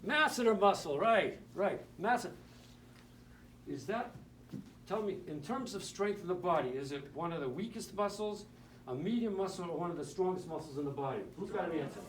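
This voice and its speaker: A man's voice: sits high, animated, brisk, a little hiss or hum. A man teaching nurses in a live lecture, joking and quizzing the audience as he goes. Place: lecture room. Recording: roomy hall, mic at a distance.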